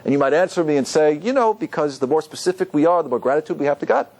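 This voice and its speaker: A man's voice: fairly high pitch, lively intonation, fast talker, a little mellow. A man teaching a Torah class as a rabbi, quizzing his students and quoting Hebrew verses.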